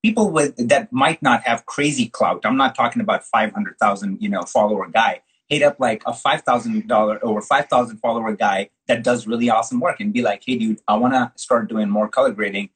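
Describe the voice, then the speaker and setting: A man hosting a casual interview, talking in an animated, slangy way and calling his guest dude. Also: medium pitch, a little fast, hardly any pauses, husky, poor audio. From from the US Midwest. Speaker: host, colorist.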